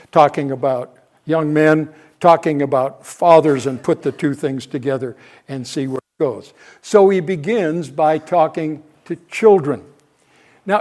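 Thinking aloud as he teaches a Bible passage, an older man often restarts and corrects himself. His voice is a little high and darkish in tone.

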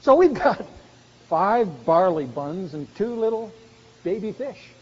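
A man's voice: high voice, big pitch swings, takes it slowly, slight background noise. A man preaching a sermon, earnest and growing emphatic as he presses his point. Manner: earnest, rising to emphatic exhortation. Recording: dull sound with long hall reverb.

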